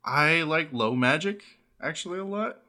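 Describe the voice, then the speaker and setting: Bright-voiced enthusiastic podcast co-host man. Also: fairly high pitch, lively intonation, normal speed. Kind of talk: casual chat about tabletop games.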